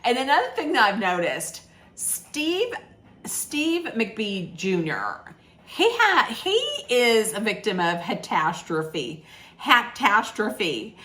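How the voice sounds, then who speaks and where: A woman's voice: mid-range voice, huge pitch swings, slow, sharp tone. A woman recapping a reality show in a chatty, sarcastic way, with laughing asides. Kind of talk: casual chat recap.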